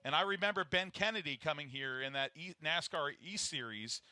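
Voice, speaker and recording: Bright, forceful male color commentator. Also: fairly high pitch, brisk, dry recording. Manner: conversational, reminiscing.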